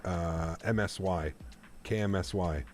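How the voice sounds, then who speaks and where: A man's voice: sits low, slow. A young man streaming a flight sim, chatting casually with his viewers, joking and playing with how place names are pronounced. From Canada. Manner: chatty, joking, plays with pronunciations. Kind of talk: casual live-stream chat.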